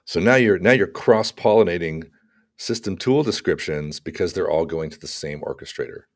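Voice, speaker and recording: Deep-voiced man chatting about tech. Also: moderate pace. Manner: animated, talks through examples with acted asides. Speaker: podcast co-host. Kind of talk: casual tech chat.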